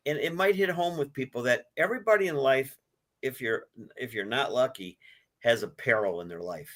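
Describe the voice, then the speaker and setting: A man in his sixties, a book author, telling his life story in an interview, with an animated delivery that swells when he is moved. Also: mid-range voice, normal speed. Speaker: author guest.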